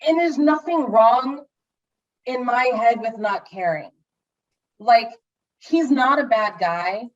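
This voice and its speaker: A fairly high-voiced woman chatting casually about movies, gushing and rambling as she keeps restarting her sentences. The audio is a bit dull and lo-fi. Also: slow pace. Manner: gushing, rambling with many restarts and acted-out asides. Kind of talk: casual movie review chat.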